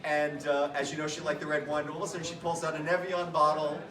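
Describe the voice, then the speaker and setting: A man's voice: fairly high pitch, completely flat delivery, far from the mic. Man giving a memorial toast, echoey room. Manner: chatty and self-mocking, halting with emotion, laughing through stories. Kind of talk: emotional memorial speech with funny stories. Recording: echoey room, speaker away from the mic, background noise.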